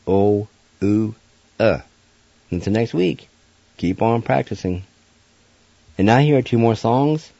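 Male radio host and teacher, low mellow voice, slow and careful, dry and slightly dull sound. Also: no echo. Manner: slow, deliberate, spells out letters. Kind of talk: language lesson.

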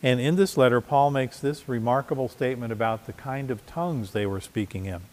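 A man's voice: mid-range voice, a little fast, a little mellow, in a large hall. A man preaching a sermon as pastor, conversational, with frequent restarts and repeated words. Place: church.

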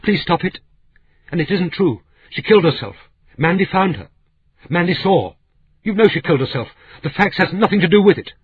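A distraught woman wails and pleads through her tears, a man putting her on in a strained high voice. His husky tone comes through a thin, phone-like recording. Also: animated, moderate pace, no echo. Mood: frantic. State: crying. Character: frantic, sobbing middle-aged woman assistant. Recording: tinny phone-like sound.

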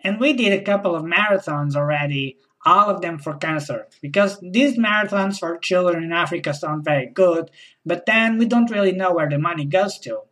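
A woman's voice: on the low side, normal speed, fairly bright tone, rough recording. A woman acting in a comedy sketch as an eager hostess who speaks about home life in earnest corporate buzzwords. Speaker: sketch actor playing a corporate-speak wife.

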